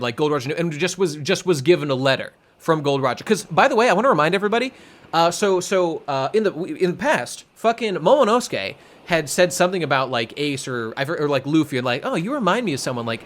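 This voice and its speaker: A young man co-hosting a podcast in casual chat, rambling excitedly with many fillers and some swearing. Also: a little high. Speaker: podcast co-host.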